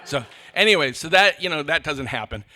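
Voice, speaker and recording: A man's voice: fairly high pitch, lively intonation, a little fast, pushed and bright. A man moderating a conference panel, rambling and joking with restarts and swearing. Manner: rambling, joking, self-interrupting, profane. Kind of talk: stage rant at a conference panel. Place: conference hall stage.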